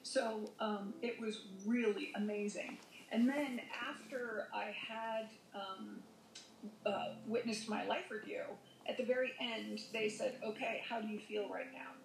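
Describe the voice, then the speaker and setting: A woman's voice: medium pitch, fairly even intonation, unhurried, vocal fry, slight background noise. A woman telling a personal near-death story as a podcast guest, rambling with many fillers and self-corrections. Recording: echoey room.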